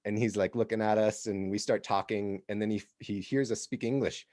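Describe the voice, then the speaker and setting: A podcast co-host from the United States tells a rambling story in a casual way. His voice sits low. The recording is dry and close. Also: fairly even intonation, brisk, a little mellow, no room sound. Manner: rambling, with frequent restarts and laughs.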